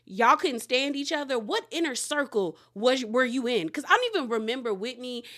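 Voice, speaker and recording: High-voiced woman animatedly recapping. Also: moderate pace. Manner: animated retelling, acting out quotes; laughs often while talking. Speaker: recap show host. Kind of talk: casual reality TV recap.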